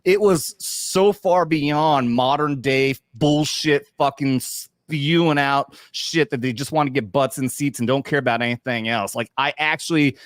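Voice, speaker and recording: A man's voice: medium pitch, measured pace, few pauses, dry recording. Crude joking man, dry close mic. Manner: crude, joking, laughs often. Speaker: podcast host, veteran. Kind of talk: casual profane chat.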